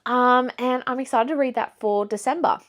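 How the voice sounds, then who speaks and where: A woman's voice: on the high side, normal speed, fairly bright tone. A young woman talking casually about books she read, rambling with asides and fillers as she shows them to the camera. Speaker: book vlogger. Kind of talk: casual book review chat.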